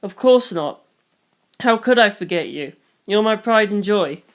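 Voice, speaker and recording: A reader voicing a loving, wise foster mother who speaks in a soft, steady, reassuring way, in a fan reading of a novel. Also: mid-range voice, unhurried, lightly acted. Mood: comforting. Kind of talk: audiobook reading.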